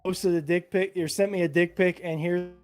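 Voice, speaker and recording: A slightly drunk man in casual chat, rambling and profane, insisting loudly on his points. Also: high voice, steady tone, normal speed, faint music behind. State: tipsy. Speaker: podcast co-host.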